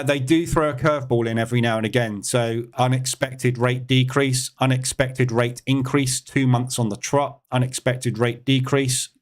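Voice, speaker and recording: Hosting a live trading stream, a man with a medium-pitched voice offers casual market commentary. He thinks out loud, full of fillers and asides.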